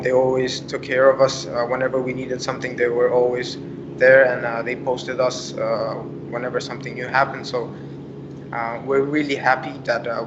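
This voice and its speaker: A man with an American-tinged English accent, a professional footballer who learned English as a second language, answering interview questions hesitantly with many fillers. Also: medium pitch. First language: not English. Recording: dull lo-fi with noisy background.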